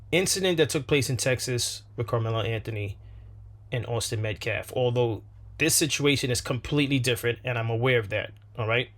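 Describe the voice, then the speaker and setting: A man hosting a reaction video, speaking in a measured, deliberate way with hesitant fillers. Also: medium pitch. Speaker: channel host. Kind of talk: reaction commentary.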